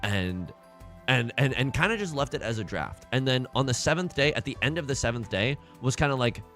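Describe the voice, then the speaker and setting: Animated, lively male streamer. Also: medium pitch, fairly quick, faint music behind. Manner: animated, joking, rambling. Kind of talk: casual gaming livestream chat.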